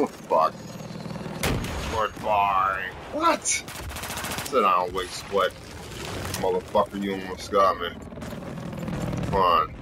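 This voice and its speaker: A man's voice: deep voice, extremely slow, pauses often. A man hosting his own gameplay video, swearing constantly and taunting his opponent. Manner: aggressive, trash-talking, swearing constantly. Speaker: gaming video host. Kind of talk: profane gameplay commentary. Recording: noisy with game audio. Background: game sounds and vehicles.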